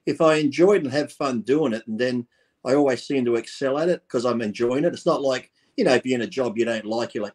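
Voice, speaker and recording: Man, podcast guest, average pitch, blunt, swears, storytelling with quoted dialogue, casual. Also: fairly quick, darkish tone.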